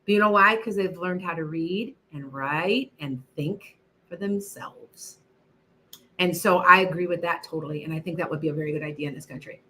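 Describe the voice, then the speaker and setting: Bright-voiced emphatic woman psychic host. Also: on the low side, normal speed, slight background noise. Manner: emphatic, repeats herself, chatty asides to viewers. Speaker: psychic livestream host answering viewer questions. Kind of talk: casual live-stream chat.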